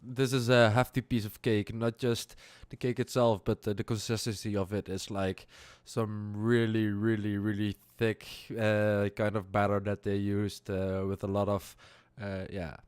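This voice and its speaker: A man with a non-native English accent runs a tabletop game, his voice smooth and resonant. He narrates haltingly with plenty of fillers and laughs along the way. The sound is close and dry. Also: lowish voice, flat delivery, no room sound. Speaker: game master.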